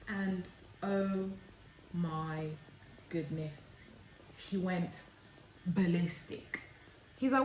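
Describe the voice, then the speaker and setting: A young woman tells a story in a cooking vlog, acting out both sides of it with lively drama. Her voice echoes around a home kitchen, and a faint noise sits behind it. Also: mid-range voice, slow pace, pauses often. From England. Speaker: vlogger.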